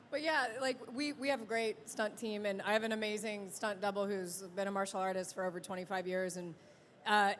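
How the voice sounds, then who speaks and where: A female actress chatting as a guest in an interview, lively and joking. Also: mid-range voice, slight background noise. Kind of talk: casual interview chat. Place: convention event hall. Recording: reverberant hall with faint crowd ambience.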